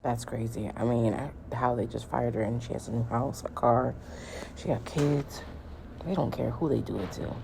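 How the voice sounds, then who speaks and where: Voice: medium pitch, fairly even intonation, moderate pace, vocal fry, a little mellow, breathy edge. A listener who adds an indignant, sympathetic comment, heard from a distance. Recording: noisy, from far off the mic.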